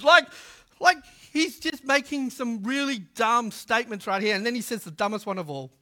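A man preaching a sermon in a humorous, conversational way, swinging from loud to hushed. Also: extremely high pitch, big pitch swings, normal speed. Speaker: pastor.

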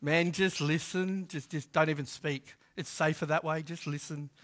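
A man preaching a sermon in a humorous, conversational way, swinging from loud to hushed. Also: fairly high pitch, steady tone, normal speed. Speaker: pastor.

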